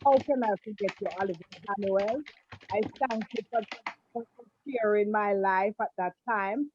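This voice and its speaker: A woman's voice: mid-range voice, normal speed, darkish tone, slight background noise. A woman on a video call, affectionately calling people darling and honey as she recalls old times. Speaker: guest. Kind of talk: casual video call chat. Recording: dull, dry video call audio.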